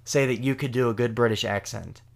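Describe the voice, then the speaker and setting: A man's voice: medium pitch, brisk, gravelly. A young man chatting casually with his partner, joking, rambling and poking fun at himself. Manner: joking, rambling, self-deprecating. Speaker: vlogger, co-host with partner. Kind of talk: casual couple chat.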